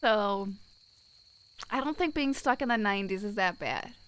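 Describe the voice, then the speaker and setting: A woman's voice: mid-range voice, lively intonation, normal speed, a bit bright, clear, resonant tone, dry recording. A young woman streaming live, chatting casually and reading out viewers' messages in a blunt, wry way.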